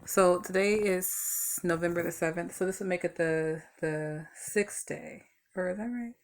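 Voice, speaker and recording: A woman's voice: on the low side, measured pace. A tired woman vlogging casually from home, rambling through stories with lots of fillers. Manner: chatty, rambling storytelling with fillers. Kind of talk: casual talk to camera.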